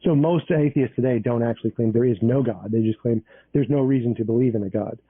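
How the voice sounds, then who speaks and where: A man's voice: medium pitch, fast talker, slightly rough, dry recording. A man arguing in a live debate, insistent about getting his turn and explaining his position step by step. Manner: insistent, pleads for time to speak. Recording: dry tinny call audio.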